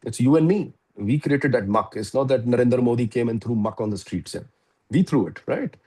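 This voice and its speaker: A man in his fifties with an Indian English accent, giving a lively, chuckling motivational talk to students. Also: medium pitch, brisk, husky, rough recording. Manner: animated, chuckling storyteller. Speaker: guest speaker.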